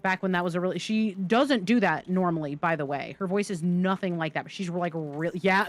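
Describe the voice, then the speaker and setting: A woman's voice: lowish voice, brisk, hardly any pauses, dry recording. A woman streaming live gameplay, chatting and joking with her viewers as she plays. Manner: chatty, jokey, talks to chat. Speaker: game streamer.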